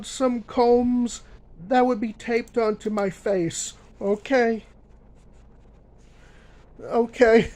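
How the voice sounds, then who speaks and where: A young man ranting in a vlog, emphatic and repetitive, filling pauses with uh and um. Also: extremely high pitch, darkish tone, poor audio. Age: young adult. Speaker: vlogger.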